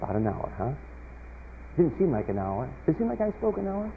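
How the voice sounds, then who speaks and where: A man preaching a sermon, telling a story with swings from loud emphatic peaks to quiet asides, recorded in a church hall and heard over an old radio broadcast. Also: a little high, sing-song, brisk, gravelly, slight background noise. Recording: tinny lo-fi radio broadcast with long hall reverb.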